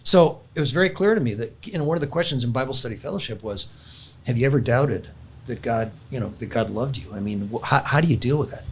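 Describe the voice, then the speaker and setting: Older man, earnest storyteller, casual faith chat, mid-pitched voice, faint background noise. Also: lively intonation, fast. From California. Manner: earnest storyteller, many restarts.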